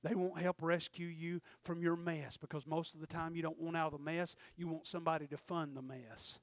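A man preaching a sermon in a church, swinging from hushed asides to shouted, drawn-out lines. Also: fairly high pitch, flat delivery, dry recording. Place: church sanctuary.

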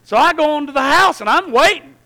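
High-voiced preacher guy telling a revival story, sharp bright tone, goes quiet then shouts. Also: fairly quick, gravelly, low-quality recording. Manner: animated, swings from hushed to shouting. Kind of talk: storytelling sermon.

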